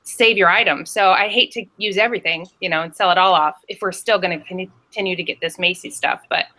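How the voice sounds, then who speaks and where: A woman reseller on a panel show talks fast in a fairly low voice over a video call. It's a casual chat, and she tells stories in a lively, chatty, rambling way.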